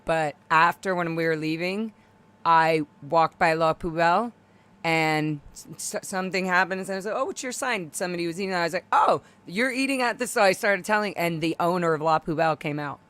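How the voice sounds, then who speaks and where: A woman on a live video call telling a story in casual chat, animated and loudly acting out the quoted lines. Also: on the low side, brisk, smooth. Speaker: guest on live stream.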